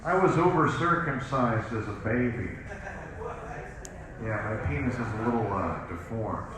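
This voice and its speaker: A man works a stand-up crowd, repeating and drawing out his punchlines in a teasing way. The room rings with heavy echo. A loud audience surrounds him. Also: on the low side, expressive, measured pace. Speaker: stand-up comedian. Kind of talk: stand-up comedy set. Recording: very echoey live club recording. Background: crowd laughter.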